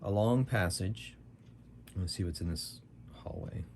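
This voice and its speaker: A man's voice: low-pitched, a little slow, darkish tone, a little hiss or hum. A man narrating a solo tabletop game as game master, in a casual manner that thinks aloud.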